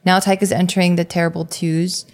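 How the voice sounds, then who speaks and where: A woman's voice: lowish voice, flat delivery, brisk. A woman co-hosting a podcast, chatting casually about parenting, swearing freely, with lots of fillers. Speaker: podcast co-host.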